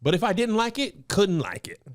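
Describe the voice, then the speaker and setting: A woman's voice: mid-range voice, huge pitch swings, moderate pace. A woman co-hosting a podcast, chatting casually and reacting with exclamations, often trailing off and restarting her sentences. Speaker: podcast co-host. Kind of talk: casual chat reacting to a song.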